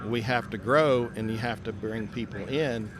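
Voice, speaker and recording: A man's voice: medium pitch, normal speed. A company leader in a live podcast conversation, speaking earnestly and often repeating words as he starts a sentence. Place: outdoor trade skills event. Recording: live event with crowd noise. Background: crowd noise.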